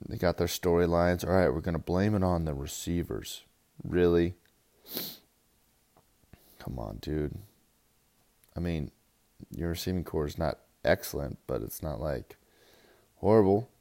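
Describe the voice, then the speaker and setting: Gravelly, crude fantasy football guy. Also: low-pitched, moderate pace. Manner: crude, rambling, swings from loud hype to mumbling. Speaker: fantasy football league player. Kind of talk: profane casual recap.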